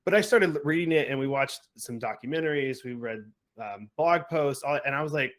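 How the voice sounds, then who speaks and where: A man's voice: mid-range voice, expressive, a little fast, fairly bright tone. A man chatting casually as a podcast host and parent, rambling with many fillers and quoting himself and his son. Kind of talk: casual chat.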